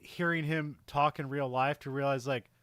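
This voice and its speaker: A man co-hosting a casual film podcast in a middle-range voice. He rambles through his thoughts, laughs often and gets animated when something excites him. The sound is close and dry, with no room echo. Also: mid-range voice, moderate pace, clear, resonant tone. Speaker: podcast co-host.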